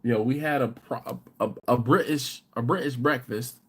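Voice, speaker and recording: A man's voice: medium pitch, moderate pace, slightly rough. A man from the United States hosting a live barbecue stream, chatting casually, reading out viewer comments and telling rambling stories. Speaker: host of a live barbecue channel.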